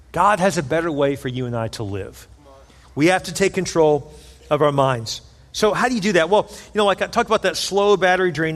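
A man's voice: sits high, fairly bright tone, in a large hall. A man preaching a sermon in an earnest, conversational way, repeating phrases for emphasis. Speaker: pastor.

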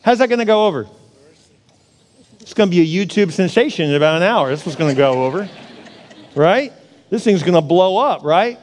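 High-voiced preacher man in a reverberant hall. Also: fairly quick. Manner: animated preacher, acts out a partying king. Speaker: pastor. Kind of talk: sermon. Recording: long church hall reverb.

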